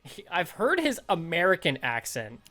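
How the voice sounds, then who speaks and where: Lively, laugh-prone man chatting on a podcast. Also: a little high, moderate pace. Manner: animated, laughs often, swears casually. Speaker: podcast host. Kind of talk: casual podcast chat.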